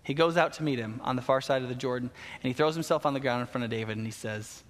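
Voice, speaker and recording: A man preaching a sermon, retelling a Bible story in a casual, animated way with slang asides. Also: mid-range voice, fast. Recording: long hall reverb.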